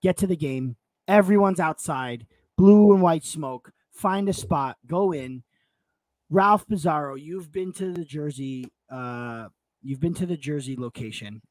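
At a measured pace, a podcast co-host with a higher-pitched male voice recounts a long, emotional tale during a relaxed conversation. He gets excitable, curses, repeats himself and stumbles over words; there's no room sound.

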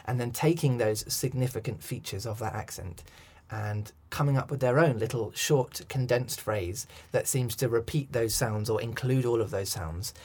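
A man's voice: mid-range voice, moderate pace, few pauses, darkish tone, husky. A man, a coach and director, talking through ideas in an interview, thoughtful with many restarts. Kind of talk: interview conversation.

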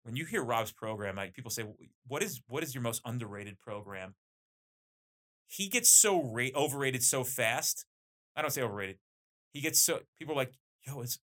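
A man who runs police training, talking in a casual, enthusiastic podcast conversation. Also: mid-range voice. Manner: animated, enthusiastic storyteller. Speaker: police training company owner.

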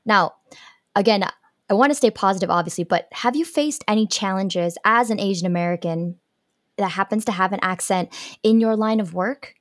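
A woman's voice: mid-range voice, moderate pace, no room sound, studio quality. A woman interviewer asking questions in an encouraging, upbeat way. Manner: encouraging, upbeat, laughs readily.

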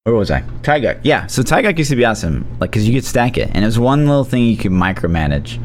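A man co-hosting a casual gaming podcast, talking in an animated, rambling way with lots of fillers. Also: medium pitch, quick pace, slight background noise. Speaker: podcast co-host.

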